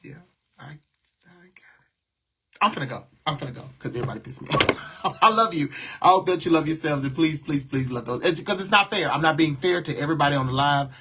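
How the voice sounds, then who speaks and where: A man's voice: fairly high pitch, fast, hardly any pauses, background noise. A man venting to viewers on a livestream, blunt and talking back to their comments. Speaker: livestream host.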